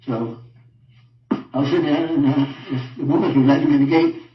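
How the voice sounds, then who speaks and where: An older man giving a halting personal account in an interview, repeating himself and often trailing off quietly. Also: on the high side. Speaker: interviewed father. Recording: roomy, distant, dull audio.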